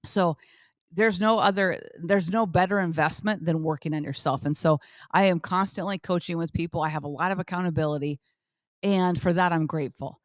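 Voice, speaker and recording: A woman's voice: lowish voice, fairly even intonation, brisk, no echo, studio quality. A middle-aged woman hosting a motivational podcast, talking emphatically and repeating phrases for effect. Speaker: podcast host.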